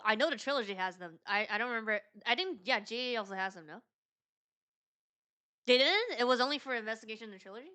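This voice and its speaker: A woman's voice: on the high side, bright, forceful tone. A woman streamer chatting casually with her viewers in a rambling, filler-heavy way. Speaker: VTuber streamer. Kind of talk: casual game stream chat. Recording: game music behind the voice.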